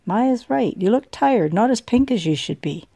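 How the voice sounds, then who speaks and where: Casting: woman playing a knowing older lady, warm and teasing, slightly raised gravelly voice. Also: a little high, lively intonation, moderate pace, no echo, voice pushed up. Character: elderly woman, warm and wry, fond of her friend.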